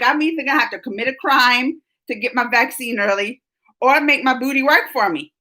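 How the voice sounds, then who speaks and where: A middle-aged woman hosting a casual live stream, chatting with viewers and telling stories with frequent laughs. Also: high-pitched. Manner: chatty, animated storytelling with laughs. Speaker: live-stream host reading chat.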